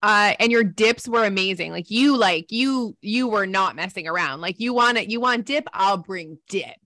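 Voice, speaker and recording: A woman chatting casually as a co-host, relaxed and laughing along with her friend. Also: mid-range voice, normal speed. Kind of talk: casual chat.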